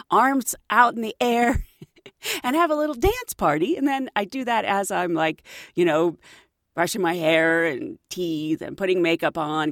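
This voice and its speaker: Lively flight attendant woman telling stories. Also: on the high side, dry recording, clean studio sound. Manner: animated, laughing often. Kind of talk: casual storytelling.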